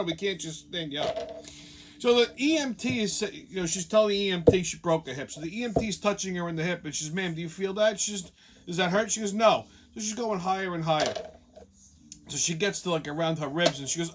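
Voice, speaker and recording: A man's voice: high-pitched, a little fast, noisy background. A man telling a long profane story in a casual rant, often acting out other people's lines. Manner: profane, animated, jumps into quoted voices. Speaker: show host.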